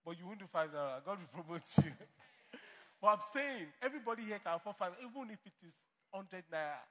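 A man's voice: high-pitched, lively intonation, fast talker, sharp tone, long reverb tail. A man preaching a sermon as pastor to a church congregation, emphatic and playing out imagined replies. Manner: emphatic preaching, mock dialogue.

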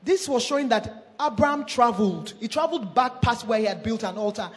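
A woman preaching a sermon, reading scripture aloud with small stumbles and slowing down to stress her points. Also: on the high side, expressive. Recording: long reverb of a large hall.

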